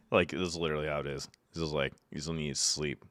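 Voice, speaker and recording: A man's voice: rumbling low, steady tone, moderate pace, no room sound, clean studio sound. A young man from upstate New York chatting casually with his live chat from home, reading out messages and telling loose, profane stories with bursts of laughter. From Syracuse, New York. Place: home room.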